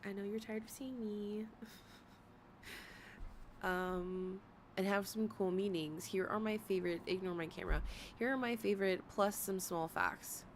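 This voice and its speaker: A woman's voice: mid-range voice, steady tone, measured pace, long pauses, slight background noise. Tired, rambling woman streamer. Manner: rambling, self-interrupting, giggly. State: tired from long talking. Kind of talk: casual commentary stream.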